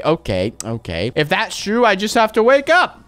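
Young male gaming YouTuber, animated pitch, jumps from muttering to shouting, playful and jittery. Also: a little slow, few pauses, clean tone. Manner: excitable, shouts and laughs, big swings between mumbling and yelling. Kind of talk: excited gameplay commentary.

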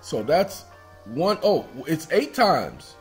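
Soft music plays behind this video host, whose voice sits on the high side with big pitch swings and a slow delivery. He wanders casually through on-screen documents in screen-share commentary, addressing viewers as y'all and singing bits of songs.

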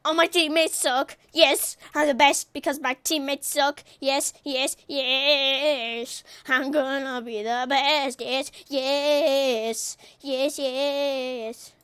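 High bright excitable gamer girl. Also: slow pace, hardly any pauses, dry recording. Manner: excitable, playful trash talk, loud outbursts. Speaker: gaming YouTuber. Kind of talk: excited gaming commentary.

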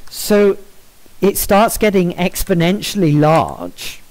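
In a screen-recorded tutorial, a man walks through a software stylesheet, explaining things in a measured way while often saying "um" and correcting himself. His voice sits high and is very animated, and the recording is rough.

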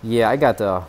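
Excitable young male game streamer. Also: slight background noise. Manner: excitable, yelps in sudden high bursts; teasing banter with chat. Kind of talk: live game commentary.

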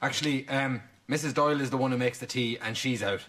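An actor playing a naive, cheerful young priest in a sitcom. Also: male voice, mid-range voice, fast talker, fairly bright tone, close to an everyday voice. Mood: sheepish. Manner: naive, blurting. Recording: noisy TV sitcom audio.

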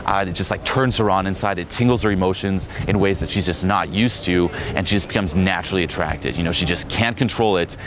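A man's voice: deep voice, brisk, hardly any pauses, noisy background. A young man giving a casual dating-coach talk outdoors, swearing freely, full of fillers and acted-out quotes.

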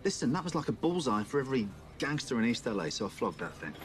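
An actor playing a blunt, sardonic debt collector who swears freely, in film drama dialogue. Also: male voice, medium pitch, sing-song, fast talker, lightly acted. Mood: irritated.

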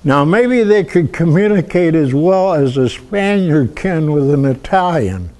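Older Midwestern American male lecturer, unhurried folksy storyteller, slightly high, soft-toned voice. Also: animated. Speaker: guest lecturer. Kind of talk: public history lecture.

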